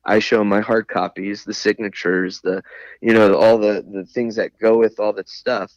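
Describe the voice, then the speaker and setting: A man's voice: lowish voice, level tone, normal speed, no room sound. A man, a veteran podcast guest, telling a story in a rambling, casual way, with lots of "you know" and some laughs. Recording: dull, dry lo-fi recording.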